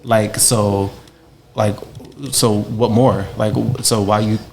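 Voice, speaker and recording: A man's voice: lowish voice, level tone, takes it slowly, a little hiss or hum. A man speaking as a podcast guest in a casual discussion, making earnest, emphatic points with rhetorical questions.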